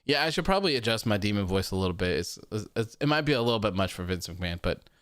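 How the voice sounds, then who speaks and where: A man's voice: lowish voice, sing-song, fast talker, a bit bright, smooth, dry recording, studio quality. A man hosting a casual post-show chat, reading viewer comments aloud in a loose, repetitive way with frequent laughs. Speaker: podcast host.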